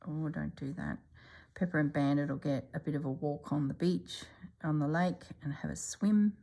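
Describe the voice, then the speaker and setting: A middle-aged woman with a low, gravelly voice talks casually while she stitches, often slipping into a hushed whisper. Her tone is husky and a little breathy, unhurried and homely. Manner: often drops to a soft whisper. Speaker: stitching channel host. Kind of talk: casual stitching vlog chat.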